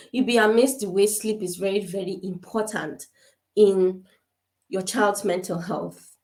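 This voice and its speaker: A woman from Africa giving quick, emphatic parenting advice in an informal talk, repeating her points. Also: mid-range voice, steady tone, a little mellow, reverberant, low-quality recording. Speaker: parenting speaker. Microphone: camera.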